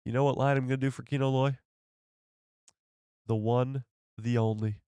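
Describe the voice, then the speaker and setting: A man's voice: medium pitch, flat delivery, moderate pace, mellow, clean tone, no room sound. Chatty male live-stream host, dry sound. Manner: chatty, laughs often, addresses chat. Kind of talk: casual live-stream chat.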